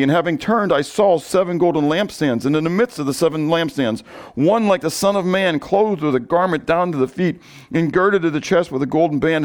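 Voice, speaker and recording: Man preaching with lively questions. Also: fairly high pitch. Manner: conversational preaching, asks the congregation questions; reads scripture aloud with rising emphasis. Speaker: pastor. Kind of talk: sermon.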